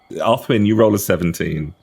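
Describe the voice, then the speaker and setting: Deep-voiced game master. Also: male voice, vocal fry, darkish tone, slightly rough. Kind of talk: narrating a tabletop game.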